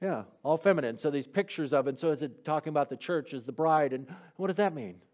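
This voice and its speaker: A man delivers a message in a slightly high voice, reading a short letter from scripture aloud. He then leads the room in a discussion, asking listeners what stood out and building on their answers. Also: expressive, fast, darkish tone. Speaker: preacher leading a Bible discussion.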